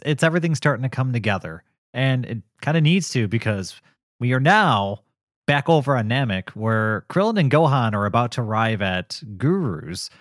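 A man co-hosting a podcast recorded close and dry, with no room sound at all. He talks in a loose, casual review style, keen and often laughing. His voice sits at an ordinary middle pitch. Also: dry recording. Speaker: podcast co-host. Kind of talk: casual episode review chat.

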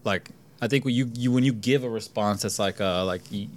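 A man's voice: on the low side, brisk. A man hosting a casual podcast chat, blunt and swearing, with lots of fillers.

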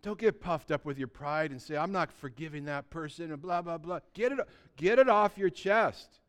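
Lively pastor preaching to his church. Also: sits high, normal speed. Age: 60s. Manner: animated, shifts between loud emphasis and hushed quiet; conversational, asks the congregation rhetorical questions. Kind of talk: sermon.

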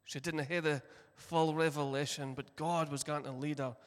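A man preaching a sermon, retelling a story and acting out its voices, moving between loud, passionate lines and hushed ones. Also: fairly high pitch, fairly even intonation, moderate pace. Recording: long hall reverb.

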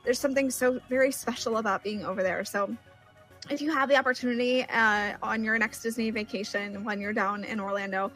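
A woman's voice: a little high, steady tone, a little fast, fairly bright tone, soft background music. A woman co-hosting a podcast, speaking earnestly and encouragingly, with stammered restarts. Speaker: podcast co-host. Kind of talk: casual podcast chat.

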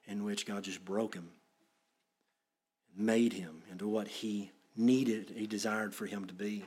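A man preaching a sermon as pastor, earnest and plain-spoken, then praying quietly. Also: on the low side.

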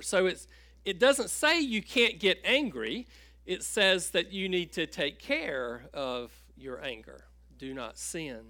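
A man preaching a sermon at an unhurried pace, in a bright, forceful voice. He stops and restarts often with fillers. The sound is dry and close. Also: a little high, expressive, no echo. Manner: halting, with many fillers and restarts; storytelling with a joke. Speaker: pastor.

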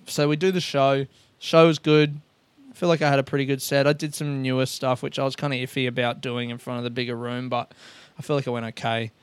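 Rambling, swearing comic. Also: male voice, fairly high pitch, clean tone, no room sound. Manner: rambling, self-mocking, swears a lot, acts out dialogue. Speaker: stand-up comedian, podcast host. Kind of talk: casual storytelling monologue.

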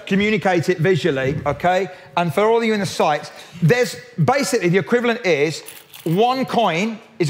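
High-voiced man preaching. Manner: lively, jokey, with frequent restarts. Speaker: pastor. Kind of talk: sermon.

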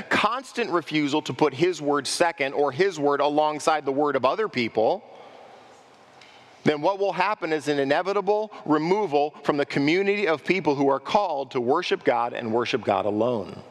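A man preaching a sermon as pastor, asking his congregation questions and slipping into quick impressions of worshippers. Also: fairly high pitch, a bit bright, big-room sound. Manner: acts out worshippers' voices in quick asides.

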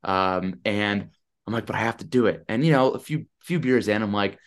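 A man in his thirties, a podcast guest telling a story in a chatty, animated way over a video call. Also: lowish voice, moderate pace. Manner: animated, chatty, lots of "I'm like". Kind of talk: casual storytelling.

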